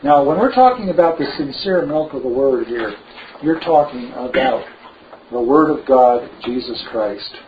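In a slow, emphatic sermon, a man breaks into lively asides. Faint noise sits under the dull, low-fi recording.

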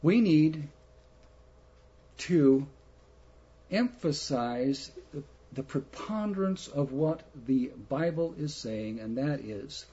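Slow, husky male preacher. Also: a little high, expressive, dark tone. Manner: slow, emphatic preaching with rhetorical questions. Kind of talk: sermon. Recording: muffled lo-fi recording.

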